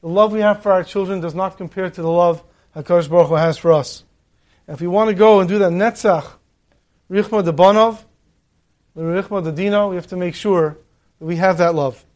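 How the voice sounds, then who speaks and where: A man preaching a sermon, telling a parable in an animated storytelling manner. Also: high voice, brisk.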